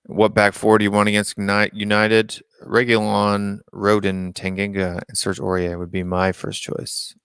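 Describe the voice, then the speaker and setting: American guy hosting a chill live stream, lowish gravelly voice, dry close mic, reads chat out and chews on it. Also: monotone, normal speed, few pauses, a bit bright, no echo. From United States. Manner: reads out viewer comments and muses on them aloud. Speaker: live-stream call-in show host.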